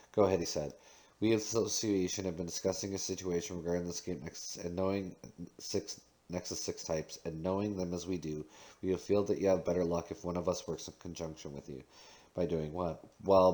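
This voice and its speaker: A man's voice: low voice, a little mellow. A man reading a novel aloud, doing the narration and dialogue in his own voice, with occasional slips and restarts. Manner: reads with small slips and restarts. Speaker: audiobook reader.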